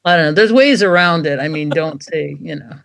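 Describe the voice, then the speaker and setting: A woman's voice: low voice, a little fast, gravelly. A middle-aged woman, a dog trainer, chatting in an interview and acting out what dogs think in playful voices. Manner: animated, acts out dogs' thoughts in playful voices. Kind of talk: casual interview chat.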